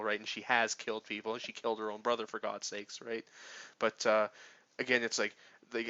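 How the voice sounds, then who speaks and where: A man's voice: lowish voice, bright, forceful tone, no room sound. A man rambling through casual game commentary, swearing often and full of fillers and restarts. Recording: dull lo-fi, dry sound.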